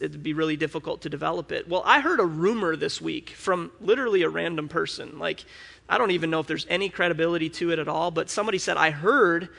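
Man, pastor, conversational sermon, slightly high voice, gravelly, long church reverb. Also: pushed and bright. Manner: candid and personal, with frequent restarts and asides.

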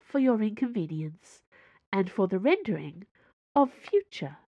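Woman audiobook narrator, even and measured, dry booth sound. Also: mid-range voice, no echo, lo-fi sound.

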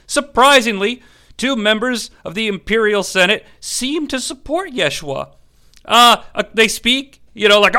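A man's voice: high voice, big pitch swings, a little slow, pushed and bright. A man giving an irreverent, crude, joking recap of a movie as host of a review show.

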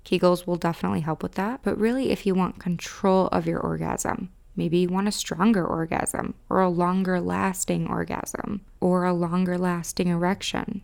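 A woman's voice: fairly low pitch, creaky, darkish tone. A young woman in her twenties with a Midwestern accent, hosting a podcast and chatting frankly with lots of "like" fillers. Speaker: podcast host and romance specialist. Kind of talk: casual podcast monologue.

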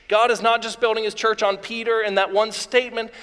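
A man preaching a live sermon to a congregation, enthusiastic and excitable. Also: high-pitched, brisk, few pauses, clear, resonant tone. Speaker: pastor. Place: church sanctuary before a congregation. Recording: long reverb of a large hall.

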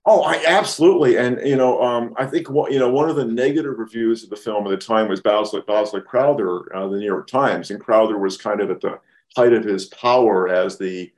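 A man with a somewhat low voice talks casually about a film as a podcast co-host. He thinks aloud, circling back and restarting sentences as he builds an argument. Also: brisk, darkish tone.

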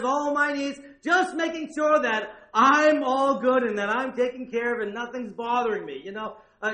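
A man's voice: very high voice, sharp tone, echoey room. A male pastor preaching a sermon in a conversational way, with frequent asides and check-ins with his listeners.

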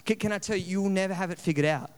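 Chatty pastor in a big hall. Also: male voice, high-pitched, racing, smooth. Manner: chatty and humorous, with many restarts. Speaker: location pastor. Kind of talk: sermon. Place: church auditorium. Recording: long reverb in a large hall.

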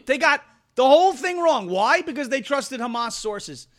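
A man's voice: very high-pitched, lively intonation, moderate pace, a bit bright. A man hosting an opinionated political commentary show, combative and sarcastic, repeating phrases for emphasis.

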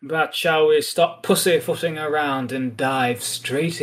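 A podcast host with a slightly high voice talks through a comic in a chatty, thoughtful, mildly wry way. He takes his time, barely pausing, and there's background noise on the recording. It's a casual podcast discussion.

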